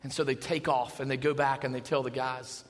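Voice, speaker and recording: A man preaching an Easter sermon in a church, animated, dropping to a hush and then rising to shouts. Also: mid-range voice, fairly quick, long reverb tail. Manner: animated, shifts between hushed and shouting. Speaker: pastor. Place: church sanctuary.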